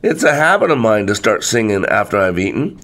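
A man's voice: on the low side, very animated, a little fast, a bit bright. A man voicing a selfish male coyote trickster in a folktale, sly and offhand.

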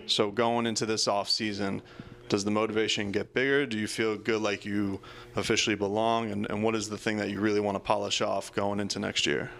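Man, low gravelly voice, sports interviewer, loose chatty questions. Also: flat delivery, brisk, a bit bright, slight background noise.

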